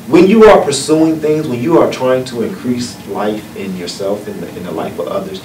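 Southern guy from north carolina, kinda low voice, folksy storytelling, far off mic in a roomy noisy hall. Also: normal speed. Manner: folksy, earnest, building to uplifting points. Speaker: guest speaker at a book event. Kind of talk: personal storytelling and motivational talk. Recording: echoey room from far off, noisy.

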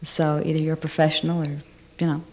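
Lower-voiced woman speaking firmly. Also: flat delivery, fast talker, darkish tone, a little hiss or hum. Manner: firm, emphatic statements. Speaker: architect and panelist. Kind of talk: panel discussion.

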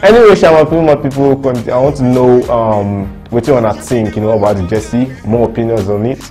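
A young Nigerian man with a Nigerian accent, reading out fan reactions in a lively, slangy casual chat. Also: medium pitch, brisk, faint music behind. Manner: lively, mixes Pidgin slang, laughs a lot.

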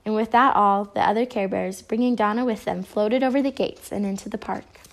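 A woman's voice: medium pitch, steady tone, brisk. Woman reading a children's storybook. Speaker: storybook reader. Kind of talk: children's read-aloud narration.

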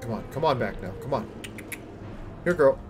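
A man streaming himself playing a game, reacting loudly and swearing at what happens on screen. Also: mid-range voice, normal speed, over music. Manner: excitable, swearing, shouting at the game. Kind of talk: live gameplay commentary.

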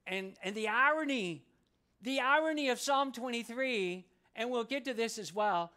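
Male pastor, high bright voice, slow and emphatic when reading scripture. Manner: preaching with congregation call-and-response, slows to read scripture. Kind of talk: sermon. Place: church sanctuary.

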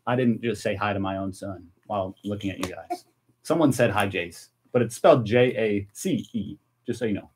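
An American man chatting casually and excitedly on a live stream while tasting snacks. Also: fairly low pitch, moderate pace, slightly rough. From United States. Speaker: vlogger.

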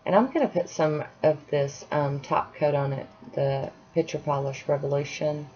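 Chatty home nail vlogger: a woman with a low voice, unhurried and self-deprecating, on a dull lo-fi track. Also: steady tone, mellow. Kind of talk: casual tutorial chat. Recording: dull lo-fi sound, faint hiss.

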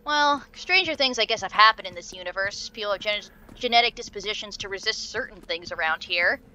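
A young woman giving excitable let's play commentary, swearing and shrieking at the game. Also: mid-range voice, brisk. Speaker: gaming video creator.

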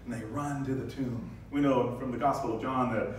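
A male pastor giving a lively sermon, acting out the scenes with sudden high bursts. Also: brisk, a little hiss or hum. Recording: very echoey church hall, distant mic.

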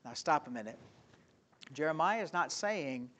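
A male pastor preaching an evening sermon in a church, full of rhetorical questions and swinging from loud to quiet. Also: on the high side, lively intonation, moderate pace. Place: church sanctuary.

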